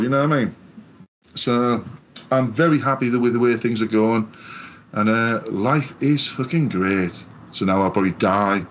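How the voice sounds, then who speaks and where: A man's voice: medium pitch, moderate pace, a little hiss or hum. A man from England co-hosting a podcast, telling long sweary stories in casual chat. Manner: sweary, rambling storyteller. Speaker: podcast co-host.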